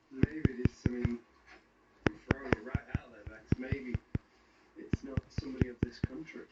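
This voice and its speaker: A ghost hunter calling out to spirits during a night investigation, often whispering and growing excited. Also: medium pitch, moderate pace. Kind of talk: paranormal investigation vlog. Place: dark cemetery at night. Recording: roomy, distant, dull with loud hiss.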